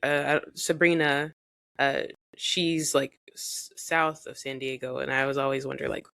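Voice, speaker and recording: Gravelly-voiced podcast host, close and dry. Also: medium pitch, dry recording. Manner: relaxed listener, brief backchannels and quick laughs. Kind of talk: casual chat.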